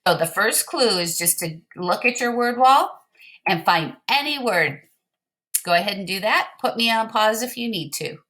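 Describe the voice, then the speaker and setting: A woman teacher giving slow, clear, patient instructions to young pupils in a recorded word game lesson. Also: medium pitch, expressive, sharp tone.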